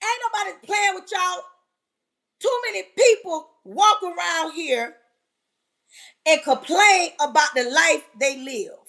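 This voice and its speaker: A woman with a very high voice delivers a fervent motivational talk on a live stream. She preaches at her listeners, drives the same phrase home again and again, and often breaks into a yell. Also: takes it slowly.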